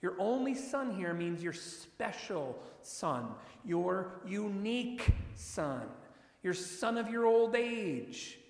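A man preaching a sermon, reading scripture slowly and with emphasis, then explaining it in an expressive way. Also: high-pitched. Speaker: pastor. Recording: echoey hall.

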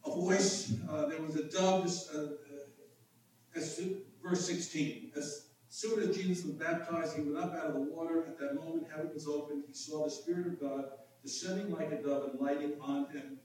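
A man preaching a sermon as pastor, explaining in an animated way with frequent restarts. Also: fairly high pitch, normal speed, slight background noise. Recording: echoey room from a distant mic.

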